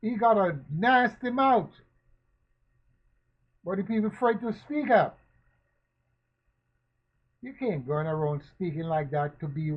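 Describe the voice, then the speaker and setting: A man speaks in a fairly high voice at an unhurried, deliberate pace. He fires rhetorical questions one after another and leans on repeated phrases like a preacher. The sound is dull and lo-fi. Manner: slow, emphatic preaching cadence. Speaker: commentator. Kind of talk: spoken social commentary. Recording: dull lo-fi recording.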